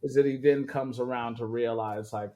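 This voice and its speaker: A man's voice: mid-range voice, steady tone, brisk, mellow. A man co-hosting a casual podcast about movies and drinks, who laughs often and retells scenes with energy. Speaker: podcast co-host.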